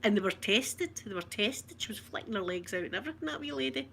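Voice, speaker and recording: A woman's voice: medium pitch, lively intonation, quick pace, fairly bright tone, a little hiss or hum. A Scottish woman from Scotland in casual live chat, talking to viewers, laughing often and reading out their comments. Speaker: vlogger.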